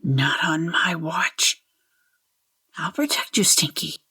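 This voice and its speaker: A woman's voice: mid-range voice, slow. A woman voicing a frightened young healer who pleads breathlessly while protecting her dog. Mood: hushed.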